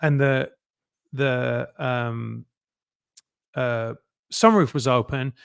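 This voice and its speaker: A middle-aged man, a guest telling lively anecdotes and acting out other people's lines in a casual interview. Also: mid-range voice, extremely slow, creaky, smooth, dry recording, clean studio sound. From England.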